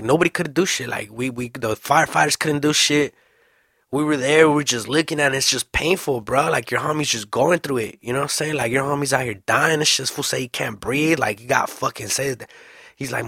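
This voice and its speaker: A young man telling a story casually, full of slang and swearing, animated and fast. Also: mid-range voice, husky, no room sound, studio quality.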